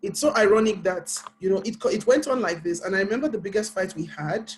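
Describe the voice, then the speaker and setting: A woman's voice: mid-range voice, quick pace, a little hiss or hum, low-quality recording. Nigerian woman, author guest on a panel; Nigerian English accent, earnest storytelling, carefully paced speech.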